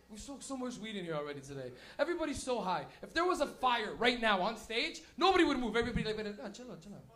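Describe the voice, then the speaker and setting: A young male comedian tells crude, laughing stories on stage. His voice is very high and bright, with a loose, profane delivery. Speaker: stand-up comedian. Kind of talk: stand-up comedy set. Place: live show venue with audience.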